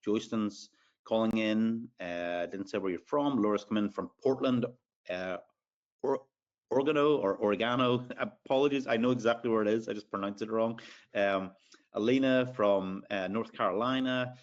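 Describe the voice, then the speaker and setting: A low-voiced man with an Irish accent hosts a live sales webinar. He chats along loosely, fills gaps with ums and uhs, and greets listeners by name. The audio sounds dull and lo-fi. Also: normal speed. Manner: chatty, filler-heavy, reads out audience names. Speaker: webinar host.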